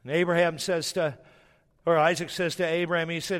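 A man's voice: a little high, level tone, fairly quick, a bit bright, big-room sound. A man preaching a sermon, telling a personal story with self-mocking humor and emotion. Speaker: pastor.

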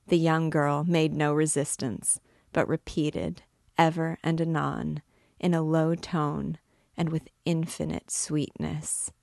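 A woman teacher reading a classic novel aloud in a measured, expressive narrating voice. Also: low-pitched, vocal fry, no room sound, clean studio sound. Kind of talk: audiobook-style novel reading.

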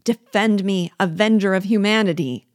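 A woman's voice: normal speed, dry recording, studio quality, natural voice. A woman reading a novel aloud, voicing a terrified man who frantically begs for his life. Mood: terrified pleading. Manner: shrill frantic begging.

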